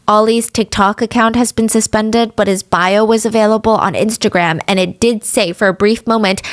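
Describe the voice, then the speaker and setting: A woman hosting a true-crime podcast, telling the story with animated and indignant commentary. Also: medium pitch, no echo, clean studio sound. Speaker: podcast host.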